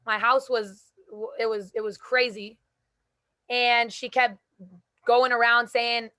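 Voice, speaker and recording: A young woman hosting a group call, giving an energetic, emphatic motivational talk with casual slang. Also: a little high, slow pace. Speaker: host speaking to a call group.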